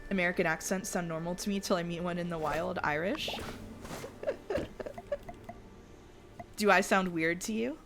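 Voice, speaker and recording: A woman with a low voice and a gravelly, creaky edge chats her way through a game stream. She rambles in a loose, casual way, reads chat out loud and restarts sentences as she goes. Soft game music plays faintly behind her. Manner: chatty, reads chat aloud, trails off and restarts. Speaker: streamer playing a life-sim game.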